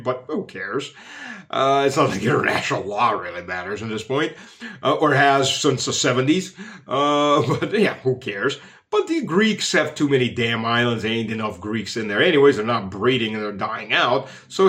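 A man's voice: mid-range voice, a bit bright. Sarcastic male political commentator. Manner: mocking, sardonic, full of fillers.

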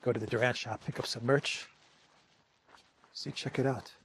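A male host giving casual political commentary with a gravelly, creaky edge. His voice sits at a middling pitch, and his delivery is wry and loose, with chuckles and restarts. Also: steady tone, normal speed, fairly bright tone, slight background noise.

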